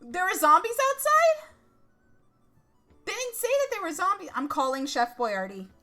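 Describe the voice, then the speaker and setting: Woman streamer, high voice, bright, excitable, swears, faint music behind. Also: normal speed. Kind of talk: live-streamed text game play.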